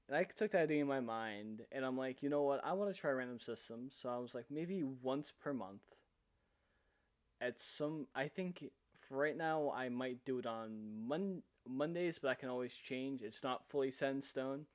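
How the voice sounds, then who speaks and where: A man's voice: mid-range voice, moderate pace. A man co-hosting a casual stream chat, rambling and correcting himself, laughing mid-sentence. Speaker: co-host.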